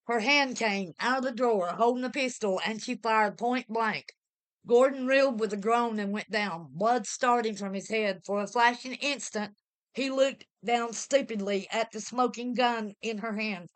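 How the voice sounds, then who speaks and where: A woman giving a vivid, dramatic reading of a pulp horror story. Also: medium pitch. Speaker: reader.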